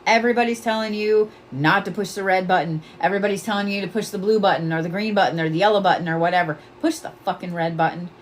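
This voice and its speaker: A woman's voice: mid-range voice, steady tone, fast talker, hardly any pauses, a little hiss or hum. A woman hosting a psychic reading livestream, blunt and profane, laughing often and repeating her points with force. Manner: emphatic, repeats commands to the viewer. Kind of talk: casual livestream chat.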